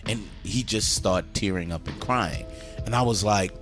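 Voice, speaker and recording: A man's voice: fairly low pitch, unhurried, a bit bright, soft background music. A man hosting a casual movie review chat, enthusiastically retelling scenes and swearing freely.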